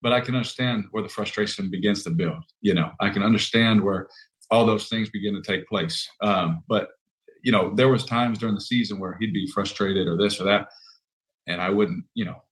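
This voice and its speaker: A man in his thirties, a football player, answering questions in a measured, conciliatory way with plenty of fillers. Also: lowish voice. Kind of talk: interview answer.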